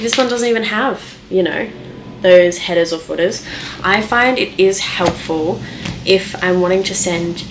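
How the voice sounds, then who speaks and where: A woman's voice: mid-range voice, slight background noise. A young woman talking casually through writing tips, thinking aloud with lots of ums and likes. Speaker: writing vlogger. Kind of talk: casual screen-share talk.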